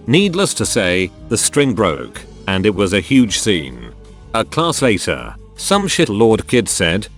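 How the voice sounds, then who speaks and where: A man narrating online posts aloud in a matter-of-fact storytelling delivery. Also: on the low side.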